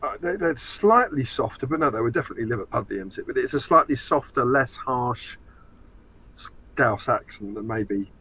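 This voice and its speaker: A man's voice: mid-range voice, lively intonation, normal speed, pushed and bright, husky, poor audio. A man, a guest on a podcast, chatting casually and explaining details knowledgeably. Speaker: guest, fan website editor. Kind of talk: casual chat. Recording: faint background noise.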